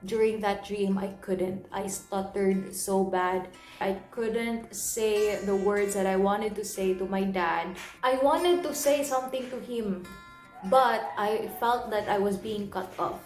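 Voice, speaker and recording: A young woman telling a personal story in an earnest, emotional way, often repeating and restarting her phrases. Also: mid-range voice. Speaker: vlogger. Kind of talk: personal confessional vlog. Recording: roomy echo, soft guitar music underneath.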